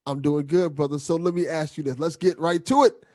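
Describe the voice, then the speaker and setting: A man's voice: on the high side, fairly even intonation, brisk, a little mellow, no echo. A man hosting a podcast, asking his guest questions directly and in a friendly way. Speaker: podcast host. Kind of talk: podcast interview.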